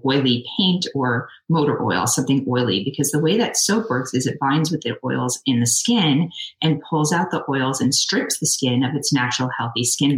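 Low-voiced woman dermatologist, echoey room. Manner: explanatory, practical advice-giving. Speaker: dermatologist guest. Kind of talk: expert interview answers.

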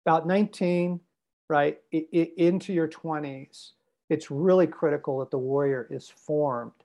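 A man's voice: fairly high pitch, fairly even intonation, unhurried, warm tone. A man speaking as a podcast guest, emphatic and repetitive with a preacher-like drive. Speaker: guest speaker on men's development. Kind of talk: podcast conversation.

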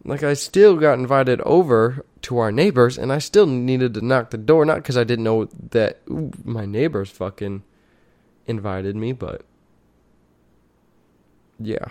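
A man's voice: medium pitch, measured pace, a little mellow, dry recording. A young man telling a story in a casual, rambling way, swearing often and restarting his sentences.

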